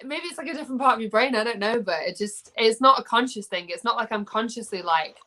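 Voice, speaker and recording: A woman's voice: a little high, expressive, quick pace, bright, forceful tone. Chatty young English woman singer. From England. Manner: chatty, rambling with many fillers and restarts. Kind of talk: casual video chat.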